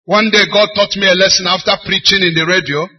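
A bishop with a Nigerian English accent preaches a storytelling sermon, his fairly high voice husky and a little breathy. He acts out the people in his stories and then presses his point home with emphasis. The recording sounds dull and muffled. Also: fairly even intonation, fast talker. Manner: storytelling preacher acting out quoted people, rising to emphatic exhortation.

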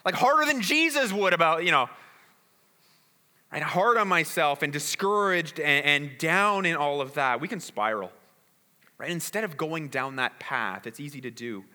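A man's voice: fairly high pitch, pushed and bright. A man preaching a sermon in a conversational way, often repeating words and asking "right?". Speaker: pastor. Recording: reverberant hall.

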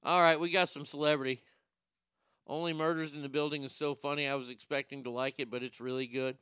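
A man's voice: a little high, level tone, quick pace, fairly bright tone, smooth, no echo, clean studio sound. A man in casual, rambling commentary, sarcastic and profane as he thinks aloud.

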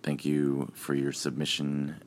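A man's voice: very deep voice, monotone, measured pace, a little hiss or hum. A man hosting a podcast, talking casually through examples step by step. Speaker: podcast host. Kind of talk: casual explanatory chat.

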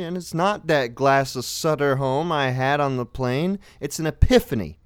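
A man narrating a deadpan comic monologue, dry and matter-of-fact, with sudden high squeals. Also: normal speed, few pauses, smooth, dry recording.

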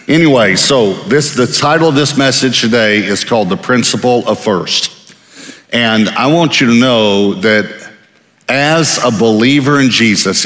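A man's voice: fairly low pitch, a bit bright. A man from Texas, a pastor preaching a sermon in an emphatic, conversational way, often repeating words for stress. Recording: echoey hall reverb.

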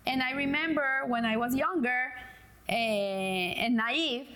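This middle-aged woman, a Torah class teacher, has a high-pitched, bright, forceful voice and takes her time speaking. Her informal religious lesson is conversational, full of fillers and restarts, and she acts out quoted lines in a joke.

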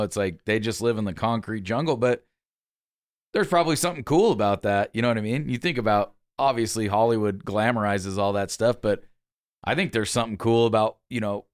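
Smooth-voiced man musing in conversation. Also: fairly low pitch, moderate pace, dry recording, clean studio sound. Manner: reflective, asks questions, fills with "you know". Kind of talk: casual chat.

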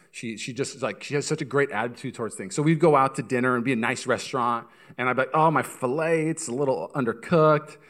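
A pastor preaching a sermon, telling stories with energy and speaking straight to the congregation. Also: male voice, mid-range voice. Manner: animated storytelling, acts out voices, addresses congregation directly.

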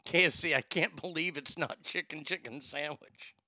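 A Texan man ranting casually about fast food, swearing a lot and stumbling over restarts. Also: on the high side, pushed and bright. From Texas. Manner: profane, rambling, stammering restarts. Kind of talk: casual rant.

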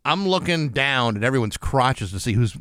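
Man, wisecracking co-host, lively pitch, mid voice, dry close mic. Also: normal speed, clean tone, no room sound. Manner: jokey, chimes in with wisecracks. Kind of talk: casual chat.

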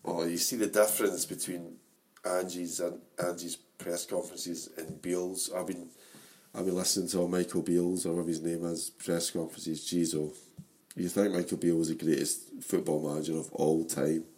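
Animated Scottish man in his forties. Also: low-pitched, moderate pace. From Scotland. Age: 40s. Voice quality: animated, laughing storyteller. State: losing his voice. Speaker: podcast co-host. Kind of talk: casual football chat.

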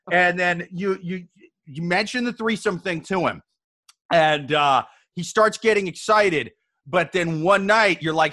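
A man co-hosting a podcast, talking in a high, bright, forceful voice. He rambles, swears freely and keeps cracking jokes in loose, casual chat. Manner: profane, rambling, joking. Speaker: podcast co-host.

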